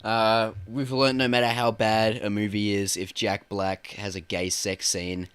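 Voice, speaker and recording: A man's voice: measured pace, smooth, no echo. A man co-hosting a movie podcast, bantering casually and animatedly. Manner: animated, jumps into high-pitched impressions. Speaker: podcast co-host.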